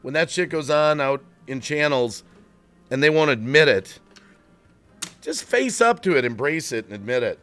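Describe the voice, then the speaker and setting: A man hosts a live stream and rants bluntly about channel growth. His voice sits high and jumps all over the place as he gets worked up. Now and then he drops into sheepish apologies. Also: expressive, normal speed, a bit bright, faint music behind. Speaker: livestream host. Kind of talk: live-stream rant to chat.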